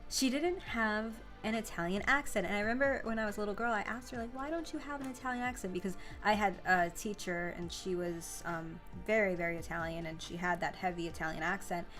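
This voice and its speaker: A young adult woman with a medium-pitched, fairly bright voice hosts a live stream, chatting casually and rambling with many fillers and restarts.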